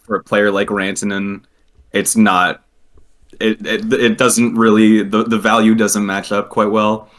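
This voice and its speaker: A man chatting casually on a podcast, animated and quick to laugh as he tells a story. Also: on the low side. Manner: animated, laughs often, trails into restarts. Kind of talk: casual hockey chat.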